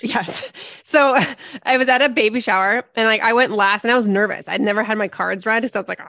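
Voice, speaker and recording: A woman's voice: a little high, a little fast, fairly bright tone, no echo. A woman tells a story in a casual podcast chat, giggling as she goes. Her voice sits close and dry, with no room sound around it. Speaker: podcast co-host.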